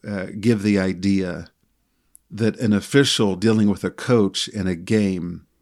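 A middle-aged man co-hosting a podcast, telling a story from his work as a sports official in a calm, measured way. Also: fairly low pitch.

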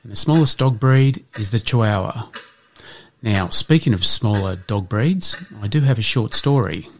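A man hosting an educational podcast, reading out answers in a measured way and slipping in dad jokes. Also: fairly low pitch, lively intonation, a little hiss or hum. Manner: measured, spells things out, slips in dad jokes. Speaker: podcast host.

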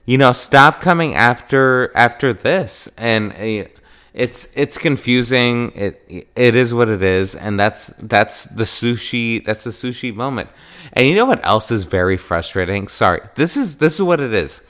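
A man from Wisconsin hosting a podcast, talking in an animated, emphatic casual monologue and acting out quoted exchanges. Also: medium pitch, measured pace. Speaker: podcast host.

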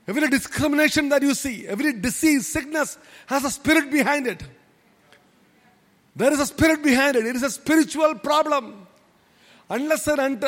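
A man's voice: very high voice, a bit bright, big-room sound. A man preaching a sermon as pastor, emphatic and repetitive, with many rhetorical questions. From India.

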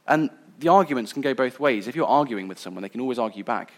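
A man's voice: medium pitch, lively intonation, fast. A man giving a sermon in an earnest, conversational way. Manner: earnest, conversational, some restarts. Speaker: preacher.

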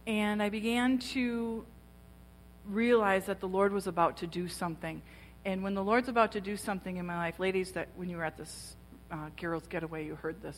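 A woman's voice: mid-range voice, a little hiss or hum. A woman preaching a personal testimony to a women's gathering, telling her story and acting out the voices of others. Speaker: speaker at a women's church gathering. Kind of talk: sermon testimony. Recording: long reverb of a large hall.

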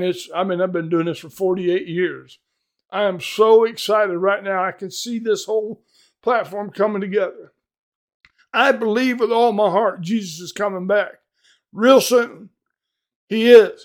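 An older man preaching an evangelistic sermon in a fervent, emphatic, plain-spoken way, talking to a webcam. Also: sits high.

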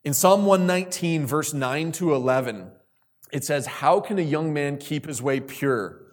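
A man preaches to a group of young people, his voice sitting a little high. He repeats key lines for weight and calls on listeners with questions. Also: animated, measured pace. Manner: repeats key phrases for emphasis. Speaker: youth speaker. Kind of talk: sermon.

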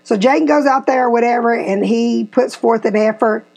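Gravelly woman in her fifties. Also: on the high side, normal speed. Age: 50s. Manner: animated storyteller, acts out quotes. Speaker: podcast host. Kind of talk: casual storytelling chat.

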